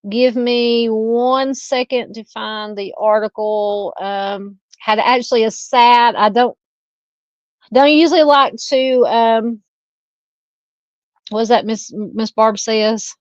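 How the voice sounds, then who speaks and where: A woman's voice: on the high side, no echo, highs cut off. A woman with a Southern US accent hosting a true-crime live stream, chatting casually and reading out viewer comments. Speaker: livestream host.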